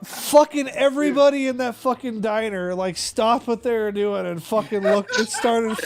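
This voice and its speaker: High-voiced swearing man from Kansas. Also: a little slow, very noisy. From Kansas, USA. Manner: animated, swears constantly, tells stories with quoted voices. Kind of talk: casual profane chat.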